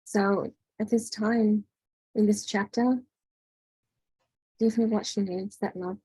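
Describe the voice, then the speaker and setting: A woman leading an online workshop as a spiritual coach, giving gentle advice and often asking "right?". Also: medium pitch, steady tone, slow pace, slightly rough, no echo, poor audio. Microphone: video call.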